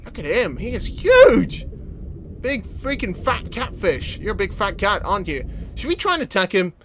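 A young man giving excitable gameplay commentary, often yelling and laughing. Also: sits high, normal speed, a little hiss or hum. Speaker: gaming video host.

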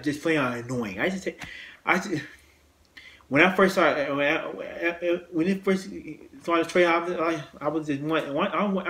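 A man hosting his own channel, ranting casually about films in a halting way, with lots of restarts, repeated words and blunt swearing. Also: a little high, a bit bright. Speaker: host. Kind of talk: casual movie rant.

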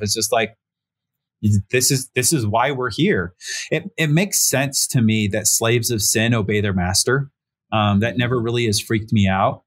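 A man in his thirties, a pastor joining a conversation remotely, tells a personal story in an easygoing, conversational way. He uses lots of fillers and acts out the people he quotes, lifting his voice for each one. His voice sits at an ordinary male pitch. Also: unhurried. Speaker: pastor, podcast guest. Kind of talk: casual personal storytelling in an interview. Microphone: remote call setup.

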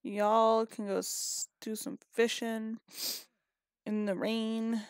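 A woman's voice: a little high, level tone, takes it slowly, clear, resonant tone, no echo, clean studio sound. A woman giving casual gameplay commentary, chatty and scolding her characters, a little sniffly and yawning. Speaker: gaming video creator.

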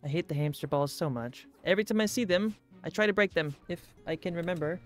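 A man giving let's-play commentary, excitable, gasping and talking to himself as he plays. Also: fairly high pitch, fast talker, faint music behind. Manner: excitable, gasps and talks to himself. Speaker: gaming YouTuber.

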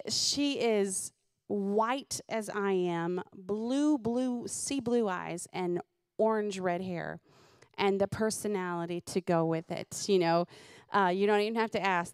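A middle-aged woman, a comedian host telling lively, funny stories about her kids and laughing at them. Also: medium pitch, smooth, dry recording, studio quality. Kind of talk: comedic storytelling.

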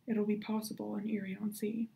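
A woman's voice: mid-range voice, little pitch movement, moderate pace, creaky, warm tone, close to an everyday voice. A woman voicing a guarded, wry young boy in a children's storybook reading.

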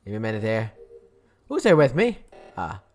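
Young male let's-player, excitable and profane, very animated delivery. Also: lowish voice, moderate pace, soft background music. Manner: excitable, swings from mutters to yelling and swearing. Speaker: gameplay commentator. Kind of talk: casual gaming commentary.

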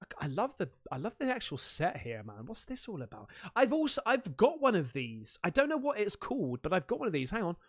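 A man hosting a stream, chatting casually as he unboxes fan mail, excitable, swearing freely and laughing often. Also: sits high, brisk, hardly any pauses, husky. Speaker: streamer host.

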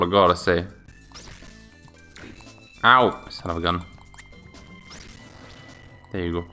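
Give me a low-pitched man casually commenting on a game while he plays. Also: slow, long pauses, sharp tone, soft background music. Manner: rambling, searching for words with fillers. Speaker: let's play host.

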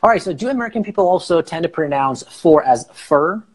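A man's voice: on the high side, animated, brisk, husky. A man with an Iranian accent hosting a casual video-call interview, asking many encouraging questions. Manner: encouraging, asks lots of questions. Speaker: host.

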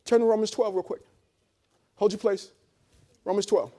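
High-voiced man preaching conversationally. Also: fairly even intonation, normal speed, dark tone. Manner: conversational preaching with frequent repeats and call-and-response; blunt, joking asides to the congregation. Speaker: pastor. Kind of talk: sermon. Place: church service held in a hotel venue.

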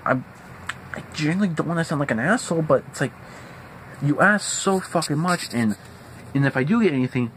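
Young male vlogger, angry profane rant, animated delivery, light background noise. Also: a little high, poor audio. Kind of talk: venting rant. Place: at home indoors.

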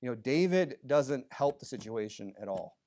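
A pastor preaching a sermon in a church, talking conversationally with many asides, moving between emphatic bursts and low, quiet remarks. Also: male voice, expressive, moderate pace. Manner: conversational, full of "you know" asides.

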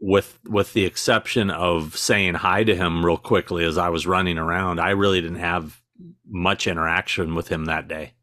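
A man's voice: sits low, fairly even intonation, normal speed, sharp tone, dry recording. A man with a dry, sarcastic sense of humor, telling stories as a guest in a casual podcast interview.

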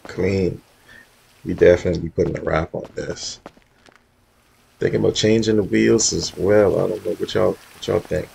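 A man's voice: low voice, steady tone, normal speed, creaky, pauses often, darkish tone, slight background noise, low-quality recording. A man giving laid-back, slangy commentary in a gaming vlog, talking straight to his viewers. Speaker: roleplay gamer showing off his cars.

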